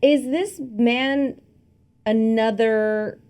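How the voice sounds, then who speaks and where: A woman's voice: on the high side, extremely slow. A young woman co-hosting a podcast, chatting casually about a film and acting out lines she quotes. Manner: chatty, animated, acts out quotes. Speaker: podcast co-host.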